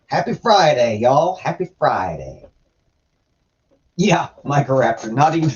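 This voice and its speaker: A man chatting casually on a livestream, with a lively, swooping delivery full of irreverent jokes. His voice comes through slightly dull and lo-fi, like budget streaming audio. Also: medium pitch, takes it slowly, pauses often. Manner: irreverent, joking, reads chat aloud. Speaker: host reading and commenting on scripture.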